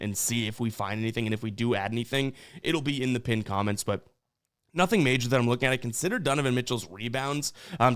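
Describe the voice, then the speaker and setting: A man's voice: mid-range voice, clean tone. Chatty man talking sports betting picks. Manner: loose and chatty, many fillers and restarts. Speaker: sports betting show host.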